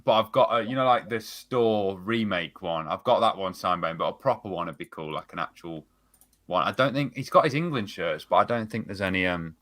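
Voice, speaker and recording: A man on a fan live-stream panel, talking casually over an online call. He rambles, hesitates and trails off as he thinks aloud. His voice is very low yet bright and sharp in tone. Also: a little fast.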